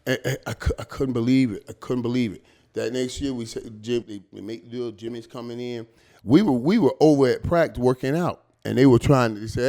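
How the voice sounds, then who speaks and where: A man in his fifties sits in as a guest and tells stories in a loose, slangy, lively way. His voice sits in an ordinary middle pitch, and he keeps repeating words and playing out the lines of the people in his stories. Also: a little fast. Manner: animated, slangy, repeats words and acts out quotes. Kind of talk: casual storytelling.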